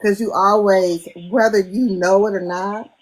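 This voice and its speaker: A woman's voice: medium pitch, fairly even intonation, measured pace, poor audio. A woman hosting a podcast, earnest and grateful, close to tears as she talks. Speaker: podcast host. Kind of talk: casual podcast chat.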